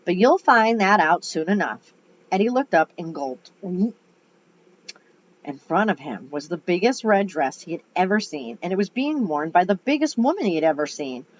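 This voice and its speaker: A woman's voice: fairly low pitch, sing-song, normal speed, darkish tone, slight background noise. A woman reading a children's book aloud, with chatty asides between passages. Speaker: reader. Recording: dull lo-fi recording.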